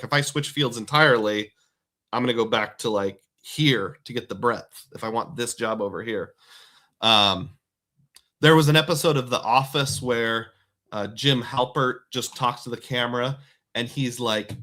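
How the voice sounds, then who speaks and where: Host, man, 40s-50s, bright tone, chatty reading of chat comments. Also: mid-range voice, normal speed. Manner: chatty, reads viewer comments aloud and answers them. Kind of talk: casual live stream chat.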